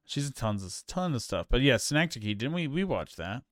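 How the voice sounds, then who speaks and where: A man's voice: mid-range voice, sing-song, moderate pace, fairly bright tone, no room sound, clean studio sound. A man co-hosting a casual film review chat, rambling with many fillers and restarts. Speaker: podcast co-host.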